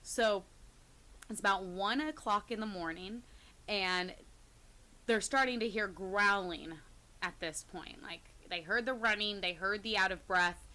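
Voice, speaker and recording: A woman co-hosting a podcast, casually retelling creepy stories, sometimes dropping to a hush and often laughing. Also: medium pitch, unhurried. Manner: retells scary stories, drops to hushed tones, laughs often. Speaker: podcast co-host. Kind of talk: casual storytelling chat.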